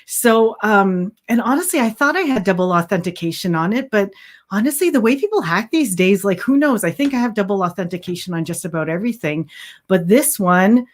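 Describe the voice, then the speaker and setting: A woman's voice: medium pitch, expressive, brisk. Woman livestream host, casual and chatty, talks to viewers with frequent "like" and restarts. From Canada. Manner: chatty, many fillers and restarts, reads viewer comments aloud. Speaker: livestream host, handmade hat seller.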